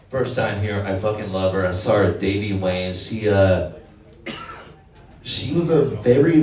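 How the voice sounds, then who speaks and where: A man hosting a comedy show, introducing comics in a loose, profane way and telling a quick joke of his own. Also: medium pitch, darkish tone, roomy sound, distant mic. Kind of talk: emceeing and stand-up. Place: comedy club stage. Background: audience.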